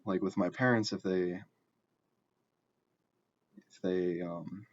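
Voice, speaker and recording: A young man telling a personal story in a casual, halting way, often restarting and filling pauses. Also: sits low, fairly even intonation, dry recording, highs cut off. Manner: halting, self-correcting, frequent fillers.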